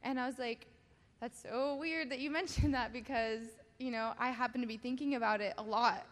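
A young woman giving a halting personal testimony at a church service, laughing often and filling pauses with "um". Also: on the high side, steady tone. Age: young adult. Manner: giggly, halting, many fillers. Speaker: baptism candidate giving testimony. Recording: hall reverb.

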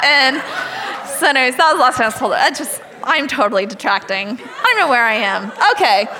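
Bright high-voiced woman telling stories. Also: fast talker, long reverb tail, low-quality recording. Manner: animated storytelling, laughs often, acts out voices. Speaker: speaker. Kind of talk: sermon with personal stories.

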